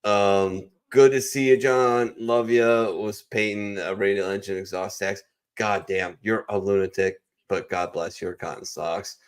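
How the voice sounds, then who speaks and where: A man's voice: lowish voice, steady tone, measured pace, smooth. A male host of a veterans' talk show wrapping up in a casual chat, rambling with fillers and restarts. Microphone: online call microphone.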